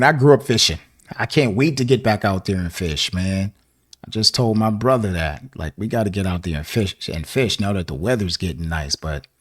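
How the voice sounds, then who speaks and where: A man raised in the American South talks through a song reaction in a loose, rambling way. His voice sits a little low, with plenty of fillers and easy laughs between thoughts. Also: slightly rough. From Southern United States. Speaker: music reaction host. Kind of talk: casual reaction chat.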